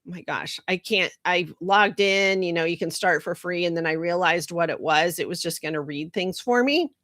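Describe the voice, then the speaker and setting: A woman's voice: fairly low pitch, moderate pace, a bit bright, no room sound, studio quality. A middle-aged woman in a marketing role, talking casually and candidly with lots of asides. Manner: chatty and candid, with frequent asides and laughs. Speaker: marketing consultant. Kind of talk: casual monologue.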